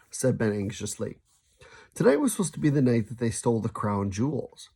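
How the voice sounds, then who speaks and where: A man reading a children's novel aloud, lively, now and then stumbling and restarting a sentence. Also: medium pitch, fairly quick, gravelly, husky. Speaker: storybook reader.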